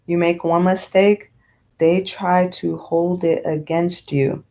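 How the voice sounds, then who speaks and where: A woman with a slightly low voice rants on her vlog in a blunt, unfiltered way. She swears freely and rambles with lots of fillers and restarts. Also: level tone, slow, darkish tone. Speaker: vlogger. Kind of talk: casual vlog rant.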